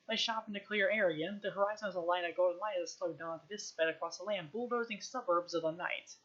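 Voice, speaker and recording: A woman reading a novel aloud on a live stream, at a quick pace and with frequent throat-clearing. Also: fairly low pitch, a bit bright, muffled recording. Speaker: reader, streamer.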